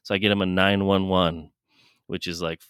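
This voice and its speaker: A man's voice: low-pitched, flat delivery, moderate pace, a bit bright, clean tone, no echo, clean studio sound. A man co-hosting a podcast, telling a rambling, laughing story with swearing in casual chat. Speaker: podcast co-host.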